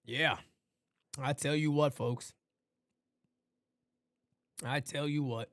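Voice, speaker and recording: A man calling a baseball game live for fans from his home studio, shouting on big plays and muttering low asides between pitches. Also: fairly even intonation, takes it slowly, long pauses, dry recording. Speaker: play-by-play streamer. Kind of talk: live fan play-by-play commentary.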